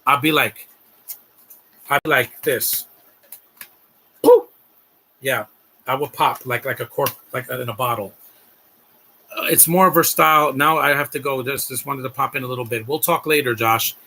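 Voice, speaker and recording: A man's voice: medium pitch, fairly even intonation, moderate pace, sharp tone, husky. A man doing casual live-stream commentary on a film, gushing and rambling as he talks to his chat.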